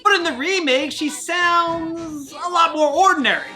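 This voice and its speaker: A woman's voice: very high-pitched, measured pace, music in the background. A woman hosting a scripted video game review, wry and sarcastic in her jokes.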